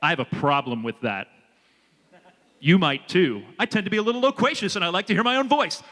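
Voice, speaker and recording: High bright-voiced man speaking in a hall. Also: a little fast. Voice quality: energetic, animated and audience-engaging. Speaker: leadership speaker. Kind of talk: motivational talk to students. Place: large hall with a student audience. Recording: reverberant hall with a long echo.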